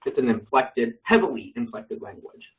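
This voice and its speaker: A man's voice: mid-range voice, animated, normal speed, recorded from a distance, muffled recording. A man leading an online Bible study class, explaining grammar casually with many fillers and self-corrections.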